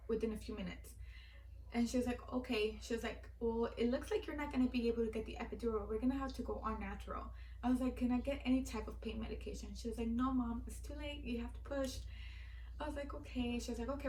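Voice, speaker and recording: Young woman, higher voice, teary, rambling story, roomy room, a bit off-mic. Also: darkish tone, distant mic, slight background noise. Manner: filler-heavy, heartfelt, repeats "like". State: teary-eyed. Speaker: vlogger. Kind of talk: personal storytelling.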